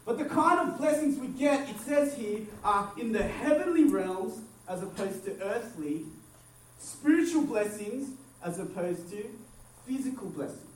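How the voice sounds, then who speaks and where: A man preaching a sermon, animated, acting out quotes and swinging from loud to hushed. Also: high-pitched, unhurried. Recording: echoey room, mic at a distance, faint background noise.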